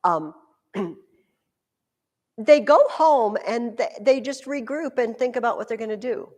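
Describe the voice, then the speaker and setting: A woman teacher giving a classroom history lesson, telling the story in an animated, joking way. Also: fairly high pitch, normal speed. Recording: echoey room with long reverb.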